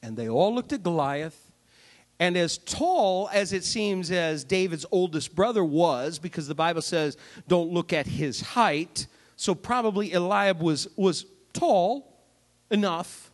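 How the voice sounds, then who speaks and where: A man preacher delivering a sermon, retelling a Bible story with animated, jokey storytelling. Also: sits high, measured pace.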